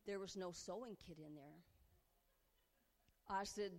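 A middle-aged woman preaching to a women's gathering, telling funny stories in a chatty, animated way. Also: unhurried, long pauses. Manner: animated, chatty, breaks into giddy high-pitched bursts. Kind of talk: humorous storytelling sermon. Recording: long hall reverb.

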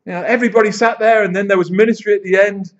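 A man preaching a sermon in church, telling stories with lively acted-out quotes. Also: sits high, very fast. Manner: animated storyteller, acts out quoted voices. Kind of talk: sermon with storytelling. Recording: dull lo-fi sound.

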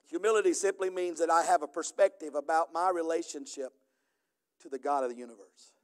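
Middle-aged man, pastor, high-pitched, preaches with rising, emphatic intensity. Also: a little fast, clean tone. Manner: builds from quiet storytelling to loud, emphatic preaching. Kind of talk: sermon.

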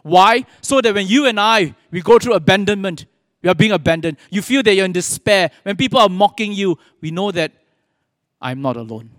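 High-voiced man preaching in a hall. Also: lively intonation, fairly bright tone, studio quality. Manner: earnest preaching with pauses, quoting scripture. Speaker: pastor. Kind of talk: sermon.

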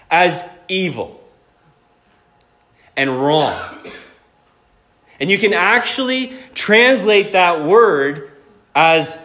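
High-voiced, animated male preacher. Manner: animated, conversational, joking. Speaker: pastor. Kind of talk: sermon.

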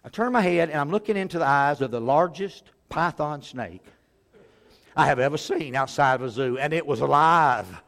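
A middle-aged man preaching, telling funny stories in an animated way and often chuckling and clearing his throat. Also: on the high side, normal speed. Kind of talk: humorous sermon storytelling.

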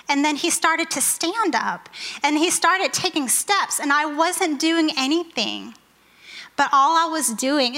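A woman's voice: high voice, bright, forceful tone. A young woman giving an earnest, conversational sermon with a personal testimony, speaking with frequent fillers. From United States. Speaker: occupational therapist giving a testimony.

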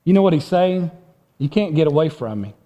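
A man preaching a sermon in earnest, swinging from loud emphasis to a hushed voice and often repeating words as he restarts. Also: on the high side, lively intonation, brisk. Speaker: pastor.

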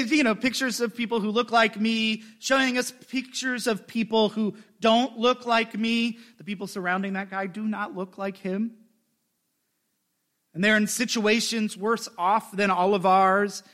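High-voiced bright male pastor. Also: fairly even intonation, unhurried. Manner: conversational, joking asides. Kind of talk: sermon.

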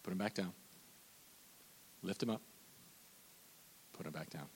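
A man's voice: sits low, unhurried, slight background noise. A man preaching a sermon as a pastor, impassioned and repetitive, often restarting his phrases and stammering repeated words. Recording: long hall reverb.

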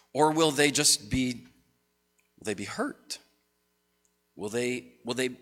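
A man's voice: on the high side, pushed and bright. A man giving a conversational, story-driven sermon to a congregation as pastor. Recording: long hall reverb.

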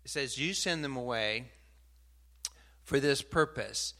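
A man preaching a sermon, animated and building to emphatic outbursts, stopping now and then to sort out his slides. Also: medium pitch. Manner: pauses mid-talk to sort out slides.

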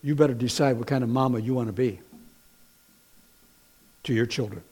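A middle-aged man preaching a sermon in an animated way, swinging from quiet to loud, telling stories with folksy, playful asides. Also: medium pitch, moderate pace, breathy edge. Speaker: pastor.

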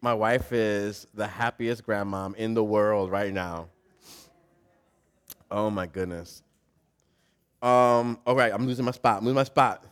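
An older man, a grandfather, preaching a sermon in a lively, conversational way that swings between soft, reflective moments and loud, emphatic stretches. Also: on the low side, measured pace, pauses often. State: emotional and choked up at times. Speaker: pastor.

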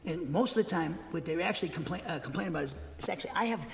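A man preaching a sermon from a pulpit, emphatic and dogmatic, getting excited and speaking with conviction. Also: fairly high pitch, racing, gravelly. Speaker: pastor. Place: church. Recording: long hall reverb.

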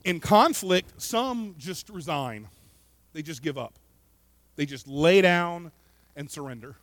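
A man preaching a sermon in an earnest way, often repeating words and swinging between loud emphasis and quiet asides. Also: on the high side, animated, slow pace, dry recording. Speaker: pastor.

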